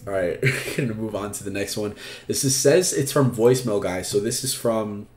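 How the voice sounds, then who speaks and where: The host of an advice livestream speaks casually and bluntly, swearing often and leaning on fillers. His lowish voice has a darkish tone and moderate pace, heard in a reverberant space.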